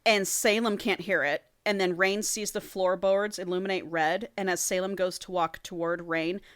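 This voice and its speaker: A woman on a casual podcast tells a story in an animated, profane way, slipping into the characters' lines as she goes. Her voice sits a little low for a woman. She moves between a chatty recap and a steadier read-aloud. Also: moderate pace, dry recording, clean studio sound. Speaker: podcast co-host.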